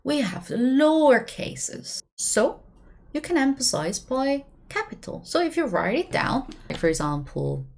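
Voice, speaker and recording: A language teacher with a Korean accent explains grammar in a chatty video lesson, often checking in with "right?" and rattling off quick example sentences. Her voice sits high and is very animated, gravelly, and darkish in tone.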